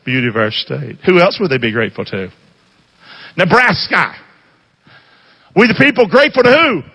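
A man's voice: high-pitched, big pitch swings, normal speed, gravelly, sharp tone, breathy edge, big-room sound. A man preaching a sermon, reading aloud and firing call-and-response questions at his listeners with emphatic energy.

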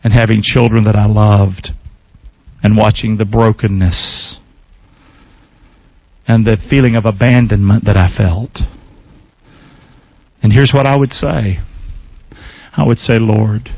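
A man's voice: on the low side, fairly even intonation, slow, long pauses, dry recording, muffled recording. A man in his sixties, a pastor preaching a folksy, emphatic sermon with call-and-response to his congregation.

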